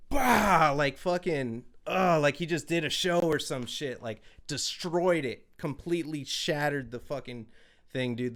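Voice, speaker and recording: A man hosting a podcast, telling stories in a loose, profane, animated way. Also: medium pitch. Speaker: podcast host. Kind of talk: casual chat, storytelling.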